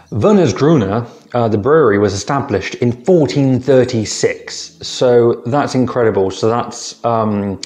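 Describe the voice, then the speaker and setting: A man's voice: medium pitch, darkish tone. Chatty man hosting a beer vlog. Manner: chatty, hesitant with ums, addresses viewers as guys and team. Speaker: beer-tasting vlogger, channel host. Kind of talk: casual tasting vlog.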